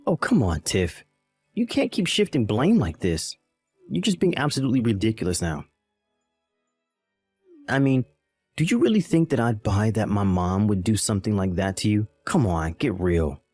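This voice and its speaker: A man's voice: lowish voice, very animated, moderate pace, darkish tone, breathy edge, no echo, faint music behind. A man voicing a callous young husband in a text-message drama, talking in a dismissive, impatient way.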